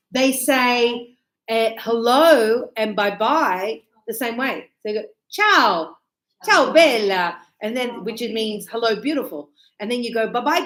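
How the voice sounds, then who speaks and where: Chatty woman teaching in an echoey room. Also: on the high side. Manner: chatty, playful, asks quick checks. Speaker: English teacher. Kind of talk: live classroom lesson. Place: classroom.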